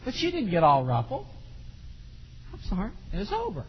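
A middle-aged man preaching a sermon in a folksy, animated way, with sudden shouts. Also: sits high, fast, a little hiss or hum. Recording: dull lo-fi recording in a long-reverb hall.

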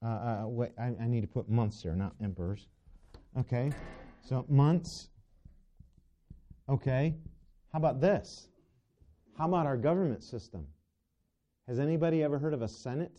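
Heard on a dull lo-fi recording, a man with a mid-range, dark voice preaches at a moderate pace, leaving long pauses. He puts rhetorical questions to the congregation and often breaks off and restarts his sentences.

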